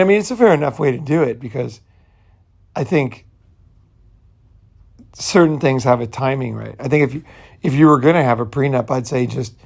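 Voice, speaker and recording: His voice is mid-range, a little mellow, with vocal fry. He hosts his own channel and rambles casually, blunt and sometimes profane, filling gaps with "you know" and "right."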